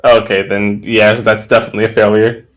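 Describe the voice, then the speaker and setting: A man's voice: fairly low pitch, level tone, brisk, rough recording. A man playing a tabletop game live, explaining rules with hesitant, stumbling speech. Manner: hesitant, stumbling over words. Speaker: tabletop player.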